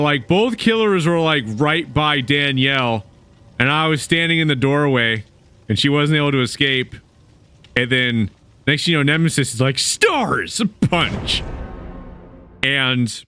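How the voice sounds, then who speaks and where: A man's voice: a little high, bright, forceful tone, a little hiss or hum. A man streaming a video game, chatting casually with viewers and teammates and laughing often. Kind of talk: casual gaming stream chat.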